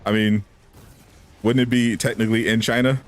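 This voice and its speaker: A man's voice: lowish voice, little pitch movement, normal speed. A man chatting casually on a live stream, answering viewers with teasing banter and frequent laughs. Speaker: gaming streamer.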